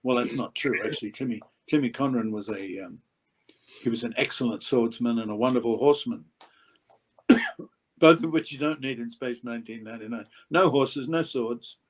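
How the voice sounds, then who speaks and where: Older male actor, lively raconteur who acts out quotes loudly. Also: medium pitch, normal speed, slightly rough, rough recording. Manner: animated, acts out quotes with sudden loud outbursts. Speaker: actor guest. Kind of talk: anecdotal interview storytelling.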